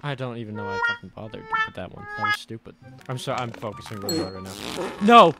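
A young man playing a video game and commenting on it, shifting from mumbled remarks to sudden loud yelps and curses. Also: on the low side, huge pitch swings, fast talker, vocal fry. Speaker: gaming YouTuber. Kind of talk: let's play commentary. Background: game music.

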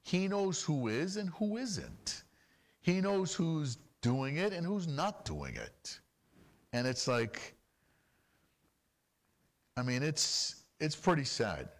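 A man preaching a sermon as pastor, animated and full of rapid rhetorical questions. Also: a little high.

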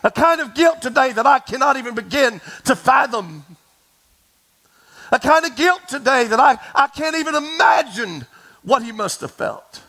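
A pastor with a high, bright, animated voice gives a sermon at a moderate pace, speaking directly to the congregation. He tells the story with drama, going from near whispers up to shouts. The audio is poor.

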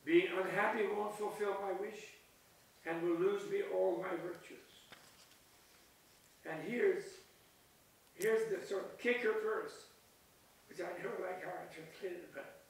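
A man's voice: sits high, unhurried, long pauses. An older man giving an informal, digressive Buddhist talk at a retreat, chatty and laughing at his own jokes. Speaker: Buddhist teacher leading a retreat session. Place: retreat hall. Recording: echoey hall recorded from a distance, faint hiss.

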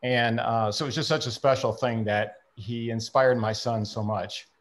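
A man's voice: medium pitch, steady tone, normal speed. A middle-aged father giving earnest, stumbling thanks on a video call. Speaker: father of a hockey player.

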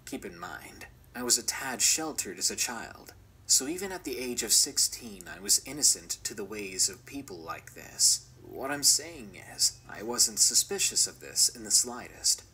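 A man reading a first-person horror story aloud as scripted narration, measured and often dropping to a whisper. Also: mid-range voice, very animated, sharp tone, husky, rough recording.

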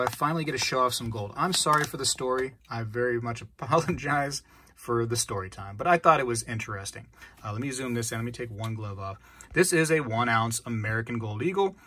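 A man hosting his own coin-collecting vlog, telling a long story in a casual, animated way, acting out the other people's lines as he goes. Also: medium pitch. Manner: animated, rambling, acts out dialogue. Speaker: channel host.

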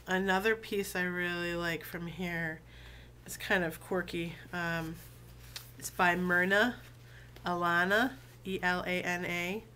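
A woman who has been sick, her voice lower than usual, chatting casually with many fillers and reading poems aloud in a slow, deliberate way. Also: bright, forceful tone, smooth. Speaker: video blogger reading poetry.

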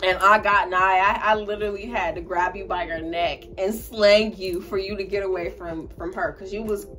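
A young woman co-hosting a casual storytime vlog, animated, swearing freely and laughing as she tells it. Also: mid-range voice, normal speed, soft background music. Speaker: co-host telling a story.

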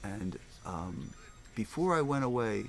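A man's voice: on the low side, measured pace, creaky, soft background music. An older man, a record store owner telling rambling stories in a casual interview, often acting out the voices of people he quotes. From Philadelphia area, US. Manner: animated, rambling, acts out voices. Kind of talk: casual storytelling.

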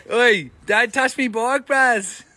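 High-voiced joking Aussie man. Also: pushed and bright, husky, no echo. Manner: joking and swearing a lot. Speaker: vlogger. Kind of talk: casual ride commentary.

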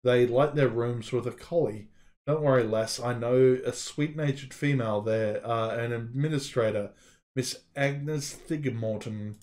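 A man's voice: medium pitch, unhurried, darkish tone, close to an everyday voice. A man voicing a kindly male sheltie dog detective with a folksy, reassuring manner. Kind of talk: reading a game's story aloud on stream.

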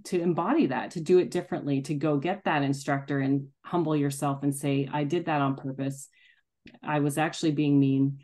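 A woman's voice: low-pitched, darkish tone. A middle-aged woman telling a personal story in a candid, self-deprecating way, laughing often. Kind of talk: casual reflective storytelling.

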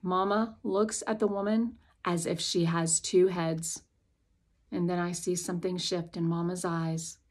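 A woman's voice: fairly low pitch, flat delivery, a little slow, darkish tone. A woman reading an audiobook aloud in the first person, speaking as a young girl telling her own story. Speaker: audiobook narrator.

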